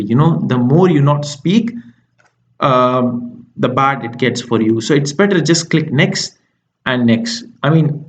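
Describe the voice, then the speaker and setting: A man's voice: medium pitch, a little mellow, dull audio. A man explaining exam tips as a tutor, talking through each step with frequent ums and uhs.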